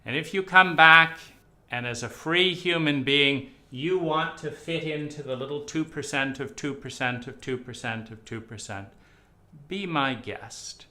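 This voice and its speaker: A man giving a slow, sarcastic talk, with sudden emphatic bursts between deliberate phrases. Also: mid-range voice. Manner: sarcastic, mocking with dramatic swings in loudness. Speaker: speaker on psychedelics. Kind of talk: lecture-style monologue.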